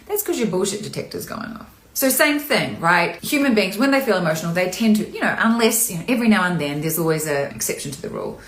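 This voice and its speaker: A woman's voice: fairly low pitch, animated, fast, few pauses. A woman acting coach talking candidly and chattily in a live-streamed Q&A, sometimes showing emotion. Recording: echoey room.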